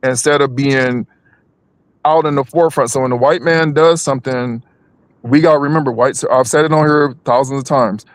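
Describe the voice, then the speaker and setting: A man's voice: medium pitch, steady tone, moderate pace, dry recording. A man co-hosting a live stream, talking politics casually, with many restarts and repeated words.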